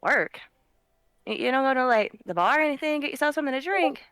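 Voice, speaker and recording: A woman's voice: sits high, animated, fast talker, fairly bright tone, no echo, voice pushed up. Liz the flirty cat adventurer, as a woman puts her on, coaxing and teasing in a slipping put-on accent, her voice swooping up and down and sounding close and dry.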